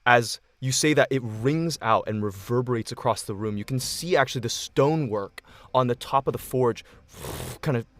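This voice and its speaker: A man's voice: medium pitch, moderate pace, fairly bright tone, no echo. A man narrating a tabletop game as game master, descriptive and accommodating, often restarting his sentences.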